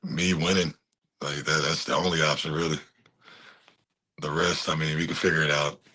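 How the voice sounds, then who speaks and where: A man's voice: extremely low pitch, level tone, normal speed, pushed and bright, husky. A man in his thirties, a fighter giving a casual interview, laid-back, laughing often and swearing casually. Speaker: fighter guest.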